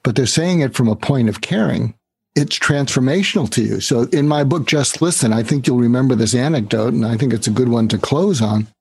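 An older man with a husky, slightly rough voice tells his story in lively bursts and briefly acts out the people in it. The recording is dry and close, with no room sound. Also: medium pitch, fairly quick, dry recording. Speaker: guest, author. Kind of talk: storytelling interview answer.

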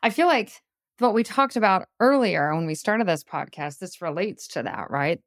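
A woman hosting a podcast, asking quick questions and tying the guest's stories back to the topic. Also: on the low side, expressive, no echo, clean studio sound. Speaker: podcast host. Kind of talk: interview questions.

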